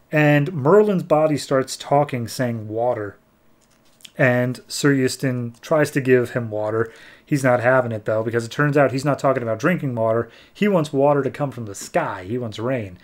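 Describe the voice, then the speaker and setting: A young man hosting a podcast, casually retelling a comic story and briefly voicing the characters' lines. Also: mid-range voice. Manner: animated, slips into quick character voices when retelling dialogue. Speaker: podcast host.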